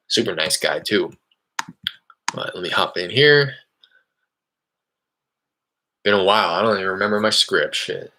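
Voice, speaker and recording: Low, bright-voiced man explaining his calls. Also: animated, normal speed. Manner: rambling and candid, with an upbeat, questioning phone pitch. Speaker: real estate wholesaler cold calling sellers. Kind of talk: casual explanatory vlog with live phone calls.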